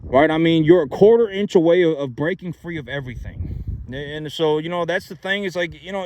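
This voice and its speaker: A man's voice: fairly high pitch, normal speed, a little mellow, slight background noise. A man giving money advice in a casual, emphatic monologue, repeating himself and asking rhetorical questions. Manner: repetitive, emphatic, many rhetorical "right?" asides.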